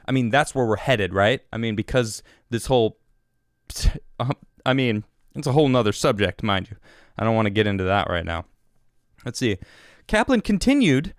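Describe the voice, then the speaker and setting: A man's voice: medium pitch, expressive, moderate pace, pauses often, no echo, studio quality. A man hosting a podcast, giving casual, sarcastic commentary on news clips and reading quotes aloud to mock them. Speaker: podcast host.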